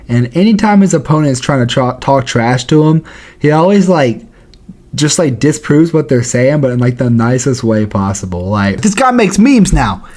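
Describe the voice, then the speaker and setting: A man gives casual, slangy commentary in a lively voice that rises and falls a lot. His tone is jokey and relaxed. He speaks in a mid-range pitch. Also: normal speed. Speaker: YouTube host.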